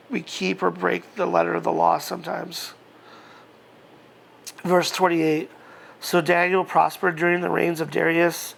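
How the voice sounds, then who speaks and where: Male pastor, high and gravelly voice, easygoing conversational preaching with scripture reading. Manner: relaxed, chatty, frequent fillers and chuckles.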